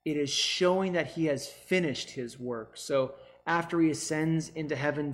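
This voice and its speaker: Male pastor, mid-high voice, earnest sermon delivery with emphatic pauses.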